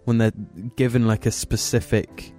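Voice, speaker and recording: A man's voice: mid-range voice, level tone, normal speed, warm tone, faint music behind. A young man, chatting casually as a podcast co-host, swearing freely and using lots of fillers. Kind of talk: casual chat.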